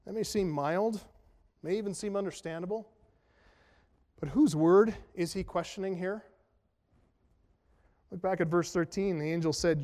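A male pastor with a fairly high voice delivers a sermon, chatty and wry, full of rhetorical questions and self-mocking jokes. His words ring out with a long reverb in a large church hall. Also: animated, normal speed, darkish tone. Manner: conversational, self-deprecating humor, rhetorical questions. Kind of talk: expository sermon.

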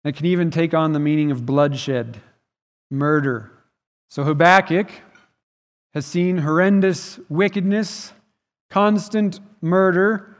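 A man's voice: a little high, slow pace. A man preaching a sermon as pastor, earnest and emphatic, his voice swelling and dropping in volume. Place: church sanctuary. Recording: long reverb of a church hall.

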